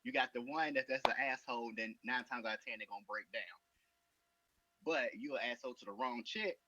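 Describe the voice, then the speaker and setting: A man's voice: medium pitch, fairly quick, sharp tone, a little hiss or hum. A man speaking bluntly and in a laid-back way in a casual podcast chat. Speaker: podcast panelist. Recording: dull lo-fi mic.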